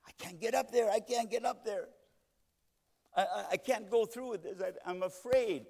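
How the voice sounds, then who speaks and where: A man's voice: sits high, moderate pace, creaky, a little mellow, pitched above the performer's own voice. A man voicing a frightened male truck driver who stammers in panic, heard in a long echoing hall. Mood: panicked.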